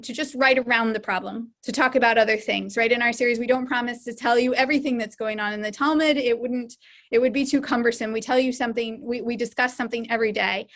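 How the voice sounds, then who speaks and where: Woman host, high pitch, video-call audio, friendly welcomes then careful, reflective explanation. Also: a bit bright. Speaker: host and editor. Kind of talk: hosting an online study celebration.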